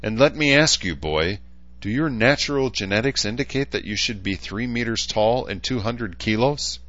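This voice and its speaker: A man's voice: fairly low pitch, animated, moderate pace, fairly bright tone, muffled recording, pitched above the performer's own voice. A man voicing a council member who speaks in a light, mocking tone.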